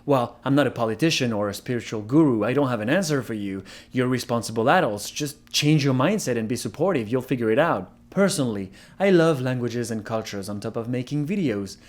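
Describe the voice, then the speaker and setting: Earnest man with a lively voice. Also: medium pitch, fairly quick, hardly any pauses. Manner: earnest and impassioned. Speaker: video creator. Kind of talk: personal commentary vlog.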